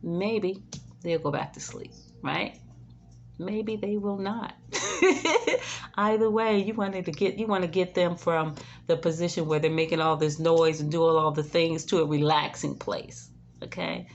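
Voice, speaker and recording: Woman, in-home caregiver, lowish voice, gravelly edge, chatty, keeps asking "right?", soothing hush now and then. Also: unhurried, highs cut off. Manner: chatty, ends phrases with "right?" and "okay?"; soothing, drops to a hush when modeling calm words. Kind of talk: casual advice talk to camera.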